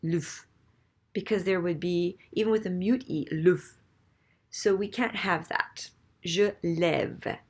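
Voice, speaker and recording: A woman's voice: fairly low pitch, breathy edge. A woman teaching French grammar in a recorded lesson, patiently spelling out letters and sounding out French words as models.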